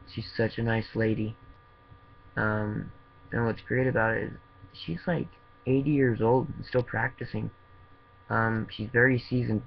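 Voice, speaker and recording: A man speaking earnestly in a personal video diary, halting and full of fillers. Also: medium pitch, gravelly, highs cut off, slight background noise. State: tearful, voice breaking. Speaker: vlogger in opiate recovery.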